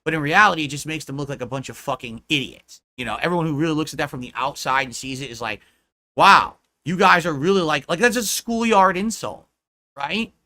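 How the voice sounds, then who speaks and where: A man's voice: a little high, lively intonation, fast talker, bright, forceful tone. A man livestreaming, ranting in a profane, mocking, combative way.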